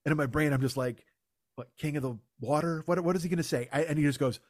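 Male podcast host, high-pitched, dry close-mic sound, profane exasperated comic ranter. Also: fast, dry recording. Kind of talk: casual comedic rant.

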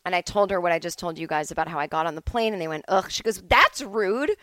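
A woman's voice: lowish voice, rapid-fire, dry recording. Middle-aged woman, comedy podcast host, rambling self-deprecating storyteller, dry close mic. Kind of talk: casual comic storytelling. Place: at home.

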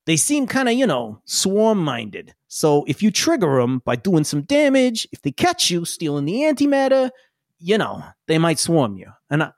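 A man voicing an excitable tailed alien mechanic. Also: a little high, no room sound, clean studio sound. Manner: excitable, rambling, drawling slang. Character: eager male tailed alien mechanic, restless. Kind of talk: tabletop game narration.

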